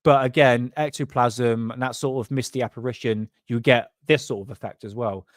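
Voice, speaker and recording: Male livestream host, cheeky and rambling, mid-pitched voice, dry close sound. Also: steady tone, normal speed, dry recording. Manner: rambling, laughing, cheeky, swears freely. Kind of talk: casual livestream chat.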